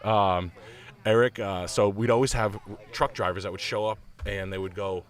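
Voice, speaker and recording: A man in casual chat, telling stories and putting on loud voices of other people. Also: on the low side, normal speed. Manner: animated storyteller doing loud voices of others. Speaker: co-host.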